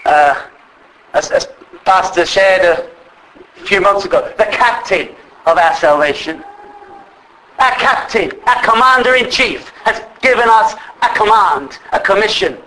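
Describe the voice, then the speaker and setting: A man preaching a sermon with passion, addressing the congregation as brethren and rising to shouts. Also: high-pitched, unhurried, slight background noise, rough recording. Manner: impassioned, rises to shouts.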